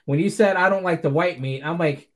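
A man's voice: a little high, a little fast, a bit bright. A man hosting a podcast, telling stories in casual chat, laughing often and swearing casually. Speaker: podcast host.

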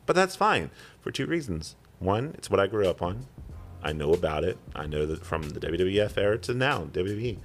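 A man's voice: deep voice, very animated, a little fast, faint music behind. A man in his thirties co-hosting a podcast, chatting casually and rambling off on tangents with chuckles. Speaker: podcast co-host.

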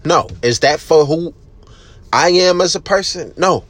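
A man hosting a casual solo podcast, ranting bluntly with heavy cursing, emphatic and loud at times. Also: fairly high pitch, a little slow. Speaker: podcast host.

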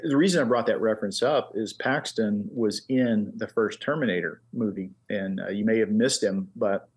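Casting: middle-aged man, husky lowish voice, rambling anecdotal guest. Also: moderate pace. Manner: relaxed anecdotes with many fillers. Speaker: guest, engraver. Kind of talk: casual chat, storytelling.

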